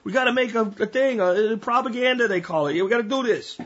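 A man's voice: high voice, quick pace, a bit bright, muffled recording, voice pushed up. A man voicing a bumbling male militant recruiter with a mock Italian accent, coaxing a comrade.

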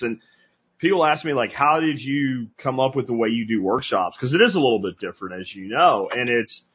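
A man hosting a podcast interview, talking in a blunt, animated, casual way with some cursing. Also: mid-range voice, slightly rough, lo-fi sound. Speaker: podcast host.

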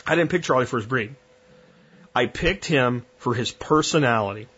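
A man's voice: mid-range voice, animated, moderate pace, fairly bright tone, breathy edge, lo-fi sound. A man hosting a podcast, talking bluntly and conversationally with frequent restarts. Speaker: podcast host. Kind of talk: casual monologue.

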